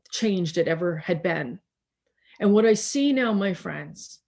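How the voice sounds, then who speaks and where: A tired woman pastor preaches over a video call. She speaks slowly and reflectively at a middle pitch, repeating words and pausing for emphasis. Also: darkish tone.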